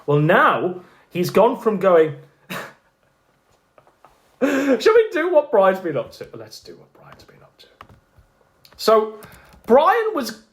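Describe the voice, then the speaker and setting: A man's voice: sits high, huge pitch swings, slow, long pauses. A man casually rambling and boasting as he wraps up a livestream, mocking and chatty. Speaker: streamer.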